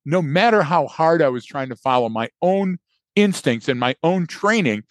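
A podcast co-host with a fairly high, expressive voice tells a story energetically at a moderate pace, acting out his own thoughts in casual conversation. There's no room sound.

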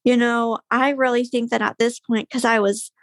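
A woman's voice: a little high, flat delivery, normal speed, no echo, clean studio sound. A young woman guest telling a personal story in casual conversation, candid, with frequent fillers and sighs.

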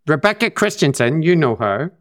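A man's voice: a little high, sing-song, moderate pace, no echo, studio quality. A man with a Belfast accent co-hosting a podcast, joking and teasing in casual chat. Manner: jokey, teasing, drawls names for comic effect. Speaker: podcast co-host.

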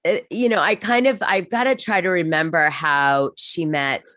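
An American woman with a low-pitched voice asks eager questions. She gushes readily, and her voice sits in a dry, close recording. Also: fairly even intonation, a bit bright, no echo. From United States. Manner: eager, curious, quick to gush. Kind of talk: casual chat.

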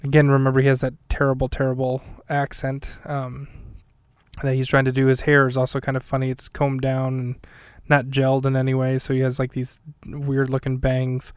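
A man's voice: mid-range voice, completely flat delivery, normal speed, clear, resonant tone, dry recording. A man hosting his own podcast, casually recapping an episode in a rambling, self-correcting way with dry humor. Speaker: podcast host.

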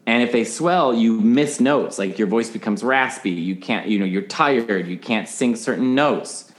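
A man's voice: medium pitch, a little slow. A man as a podcast guest in casual chat, animatedly explaining singing technique and breaking into sung examples.

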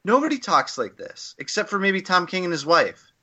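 A man's voice: high voice, sing-song, normal speed, pushed and bright, husky, muffled recording. A man co-hosting a casual podcast discussion, giving an opinionated, rambling critique full of fillers and restarts. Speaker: podcast co-host.

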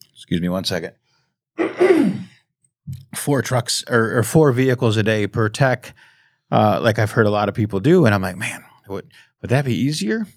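Man, low voice, diesel shop owner, halting, self-deprecating, dry sound. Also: dry recording. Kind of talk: casual interview chat.

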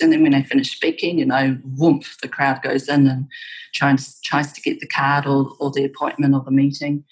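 A middle-aged woman with a New Zealand accent, speaking in a low, husky voice. She tells her stories in a reflective, conversational way as a guest in an interview, now and then laughing softly. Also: low-quality recording. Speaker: game studio founder, guest.

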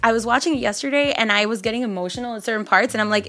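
A woman's voice: a little high, rapid-fire, few pauses, fairly bright tone. A woman co-hosting an interview, bubbly and laughing as she asks the guest questions. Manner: bubbly, laughing, playful self-mocking quotes. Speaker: interview co-host. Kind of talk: casual interview chat.

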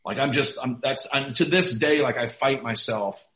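A middle-aged basketball coach tells stories in a loose, rambling way, filling his talk with "like" and laughing at himself. His voice is bright and forceful, at an average pitch for a man. It is caught in a noticeably roomy, echoing space. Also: normal speed. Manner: rambling, heavy use of "like", self-deprecating. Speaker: college basketball head coach. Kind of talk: casual storytelling in a podcast interview. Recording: roomy echo.

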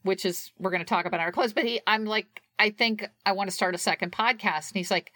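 A woman's voice: medium pitch, quick pace, bright, forceful tone, dry recording. A woman co-hosting a podcast in casual chat, chatty and often laughing. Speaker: podcast co-host.

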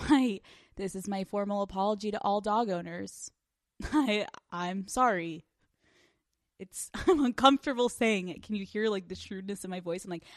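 A woman's voice: mid-range voice, dry recording. A young adult woman hosting a casual solo podcast, candid and crude, joking as she talks into a close mic. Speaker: podcast host.

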